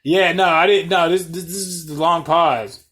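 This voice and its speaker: A man's voice: a little high, steady tone, normal speed. Blunt, profane man ranting. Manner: blunt, profane, swings between loud outbursts and muttering. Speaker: podcast host. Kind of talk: casual podcast rant.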